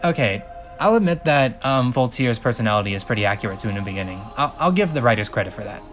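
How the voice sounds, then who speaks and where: Host reading a script aloud, dry asides, faint music underneath. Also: male voice, medium pitch, animated, quick pace, a bit bright.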